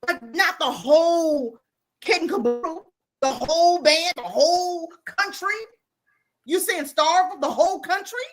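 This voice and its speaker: A woman's voice: extremely high pitch, a little slow. A woman giving blunt, impassioned commentary as a guest on a podcast.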